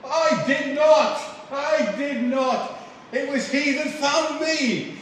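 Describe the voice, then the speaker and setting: A man imitating a fervent preacher with a strong Glaswegian accent, raising his voice high and loud. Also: animated, slow pace, very echoey, far from the mic, a little hiss or hum, exaggerated voice, rough recording. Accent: Glaswegian, put on.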